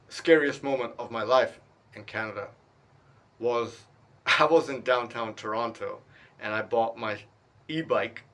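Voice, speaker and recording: A man, originally from India, telling a personal story on his vlog in an animated, emphatic way, with many restarts. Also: medium pitch. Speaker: vlogger.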